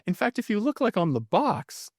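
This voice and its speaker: A man's voice: high-pitched, moderate pace, no room sound. Man, podcast co-host, casual movie chat, laughing often, dry close mic. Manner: lively, laughing, animated storytelling.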